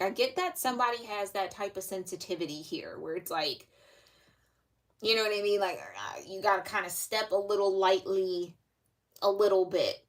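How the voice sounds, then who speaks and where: A young woman giving a casual, rambling tarot reading, talking loosely with lots of fillers. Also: medium pitch. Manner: chatty, filler-heavy, loose and conversational. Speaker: tarot reader.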